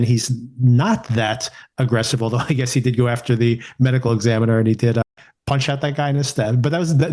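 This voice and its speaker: A man co-hosting a podcast, chatting casually about a TV series and quoting scenes in animated voices. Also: medium pitch. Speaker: podcast co-host. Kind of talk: casual TV recap chat.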